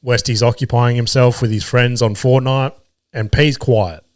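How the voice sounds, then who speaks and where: A man's voice: medium pitch, steady tone, moderate pace, darkish tone, dry recording. Sweary man telling stories. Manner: swears freely, laughs at his own stories. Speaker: comedian and podcast host. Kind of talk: casual solo podcast storytelling.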